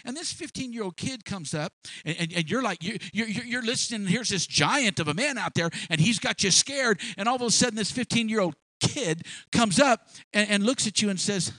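A male preacher giving a sermon, retelling a story in an animated way with many restarts and repeated words. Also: high-pitched, brisk, dry recording.

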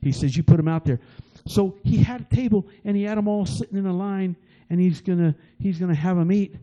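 A man's voice: high voice, brisk, mellow, dull audio. A middle-aged man preaching a sermon, retelling a story with emotional, rising and falling delivery and frequent repetitions.

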